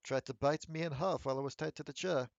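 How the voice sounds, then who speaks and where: A man doing a haughty ghost gentleman. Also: fairly high pitch, fast, gravelly, no echo, highs cut off. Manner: haughty, clipped and disdainful. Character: posh stuffy male ghost gentleman, haughty.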